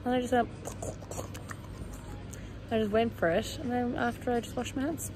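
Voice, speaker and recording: A young Irish woman, a vlogger, chats casually to her phone camera while travelling through an airport room and a plane cabin, rambling and laughing at herself, worn out from a long journey. Her voice is a little high with fairly even intonation and a moderate pace, and music plays in the background.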